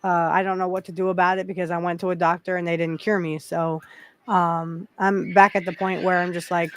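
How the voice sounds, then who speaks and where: A woman co-hosting a casual wrestling podcast, talking hesitantly with many pauses and restarts. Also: on the low side, little pitch movement, a little hiss or hum. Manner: hesitant, lots of ums and restarts. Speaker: podcast co-host.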